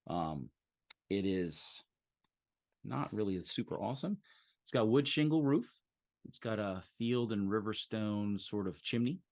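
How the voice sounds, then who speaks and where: A man as game master, describing a scene in a halting way with many fillers. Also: lowish voice, expressive. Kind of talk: narrating a tabletop game.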